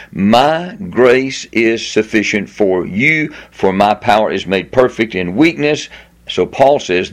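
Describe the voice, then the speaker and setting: A man delivers a sermon as a pastor, in a mid-pitched voice. He reads scripture with deliberate stress, drawing out repeated words and rising on the ones that matter most. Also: vocal fry. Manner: emphatic preaching, slowing and lifting on key words.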